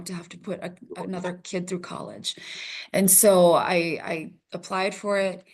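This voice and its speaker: A woman in her thirties from Minnesota, a news reporter telling her story as a podcast guest, animated and laughing often. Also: medium pitch. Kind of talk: casual interview storytelling.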